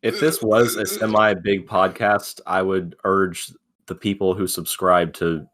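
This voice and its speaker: A man's voice: low voice, little pitch movement, measured pace, fairly bright tone. Dry-teasing young man. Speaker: podcast co-host. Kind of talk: casual chat.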